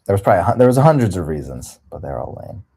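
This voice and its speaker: Man, livestream host; low, husky, dark voice; candid, rambling chat. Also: big pitch swings, rapid-fire. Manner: candid, rambling, laughs often.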